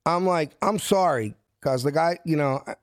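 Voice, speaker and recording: Animated older Philly man telling a story. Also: fairly high pitch, normal speed, no room sound, clean studio sound. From South Philadelphia. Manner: animated, acts out quoted dialogue in voices. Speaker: guest. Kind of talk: casual storytelling.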